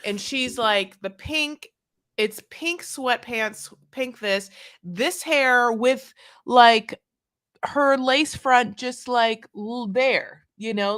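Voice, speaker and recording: Woman podcast host recapping tv, rambly and wry, lots of "like" and "you know", bright voice. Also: fairly high pitch. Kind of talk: casual recap chat.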